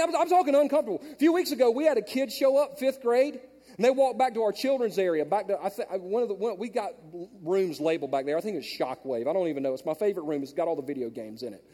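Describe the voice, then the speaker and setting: A male pastor delivers a storytelling sermon in a high, lifted voice. He drops to hushed asides, then climbs to loud, emphatic peaks. The sound rings with the long reverb of a big church hall. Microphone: handheld mic.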